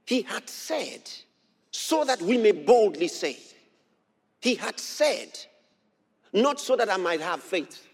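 Man, pastor, sermon, emphatic, repetitive, high voice, lively intonation, long hall echo. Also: slow, vocal fry, long pauses, husky. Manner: emphatic, repeats phrases, rises to shouts.

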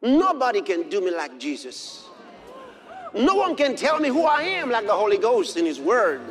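A man preaching a sermon, moving from quiet storytelling to shouted exclamations. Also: sits high, huge pitch swings, normal speed.

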